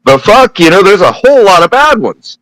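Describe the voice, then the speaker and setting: A man's voice: sits high, sing-song, fairly quick, fairly bright tone, no echo, rough recording. A man speaking as a podcast guest, blunt and profane in casual chat.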